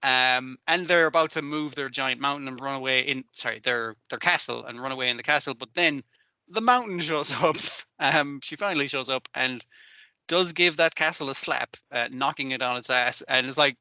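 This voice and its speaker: A man co-hosting a podcast, retelling scenes in casual chat, animated, acting out lines and swearing often. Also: mid-range voice, moderate pace, clean tone, no room sound. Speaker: podcast co-host.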